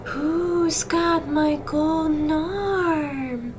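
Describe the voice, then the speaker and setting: A woman voicing a forlorn ghost woman who calls out in a slow, drawn-out, haunting wail. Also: high voice, music in the background, voice pushed up. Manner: slow drawn-out wailing call. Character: forlorn ghost woman seeking her golden arm.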